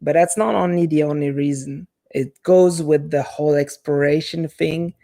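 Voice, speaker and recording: Gravelly-voiced man with a French accent. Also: fairly high pitch, steady tone, normal speed, mellow. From half Italian. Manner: rambling, chatty, restarts often. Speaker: live streamer. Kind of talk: casual live-stream chat with viewers.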